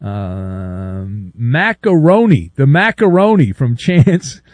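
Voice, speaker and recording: A man's voice: mid-range voice, slow pace, dry recording. A middle-aged man hosting a talk radio show, joking and rambling with lots of fillers. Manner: animated, jokey, rambling with many fillers. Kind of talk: casual talk radio banter. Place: radio studio. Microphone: studio microphone.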